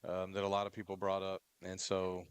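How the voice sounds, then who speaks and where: A man who coaches a school team, speaking on a local radio show in a halting way with many fillers. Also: deep voice, monotone, clear, resonant tone, dry recording. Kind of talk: casual radio talk.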